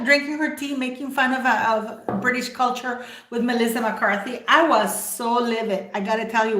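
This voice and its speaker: In a room with noticeable echo, a female livestream host gives emphatic commentary to viewers, full of opinions and rhetorical questions. Her voice is on the high side and fairly bright.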